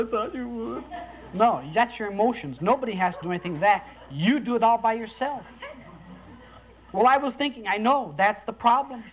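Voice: medium pitch, slight background noise. Folksy chuckling storyteller. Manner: folksy, chuckles between lines, acts out quoted voices. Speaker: speaker telling a story to listeners. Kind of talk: casual storytelling talk.

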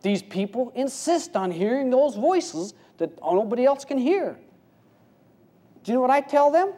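A man preaching an informal sermon with a mellow, warm tone. His delivery is folksy and conversational, full of rhetorical questions. He drops into hushed, low stretches and then rises to louder, livelier bursts. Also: big pitch swings, unhurried. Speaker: spiritual teacher.

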